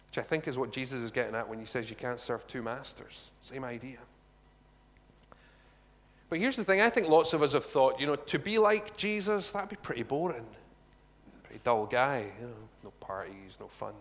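A man giving a conversational sermon, animated and chatty, with asides to the congregation. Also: mid-range voice, normal speed. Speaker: preacher. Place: church hall. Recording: long reverb of a large hall.

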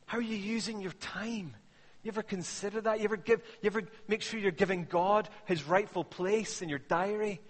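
A man preaching a sermon in a relaxed, conversational way, telling stories and asking the listeners pointed questions. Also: high-pitched, long reverb tail. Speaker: pastor.

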